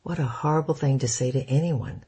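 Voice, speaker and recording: A proud, hot-tempered young woman, read by a man in an audiobook, snapping back with sharp, defiant retorts. The voice stays gravelly and husky, with a dark tone. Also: medium pitch, a little fast. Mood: angry.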